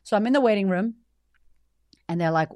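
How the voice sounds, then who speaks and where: A woman's voice: medium pitch, a little fast, dry recording, studio quality. Blunt, foul-mouthed woman in her thirties. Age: 30s. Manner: blunt, profane, animated. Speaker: podcast host. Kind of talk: candid personal storytelling monologue.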